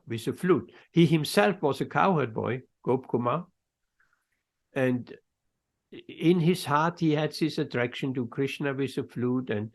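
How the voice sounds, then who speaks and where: A man teaching a scripture class, telling stories in an unhurried way with pauses mid-phrase and acting out the quoted voices. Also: a little high. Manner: storytelling, acts out quoted voices. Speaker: spiritual teacher.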